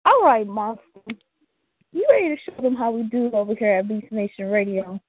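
A woman's voice: a little high, animated, a little fast, no room sound. A woman hosting a casual live call-in radio show, upbeat and laughing often, using loose slang. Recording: tinny phone-like call audio.

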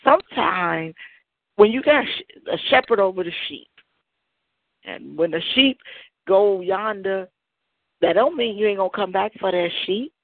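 A woman's voice: mid-range voice, unhurried, creaky, long pauses, no echo. A woman calling in to a church show, speaking emphatically and preachily to encourage the pastor. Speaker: caller. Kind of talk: encouraging call-in testimony. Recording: dry, tinny phone line.

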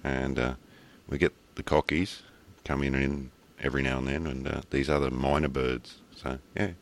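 Very deep-voiced Australian man. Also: little pitch movement, normal speed, vocal fry. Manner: laid-back storytelling, laughs often, swears casually. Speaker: podcast co-host. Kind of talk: casual chat.

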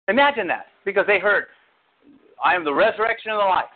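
A male pastor preaching an animated sermon, acting out quotes with big jumps in his voice. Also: sits high, quick pace. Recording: tinny phone-like audio.

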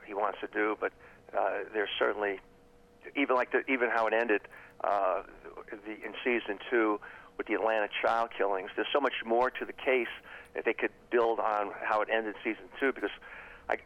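Man, former FBI profiler, interview guest, halting, repeats words, muffled lo-fi sound. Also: lowish voice. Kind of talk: casual interview talk.

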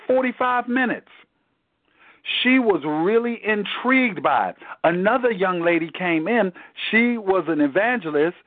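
A man leads a Bible study over the telephone, his voice high and his delivery earnest, restarting phrases as he works toward a point. The sound is thin and phone-like, with no room around it. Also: dry recording. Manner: earnest preaching, repeats words as he restarts. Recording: tinny dry phone line.

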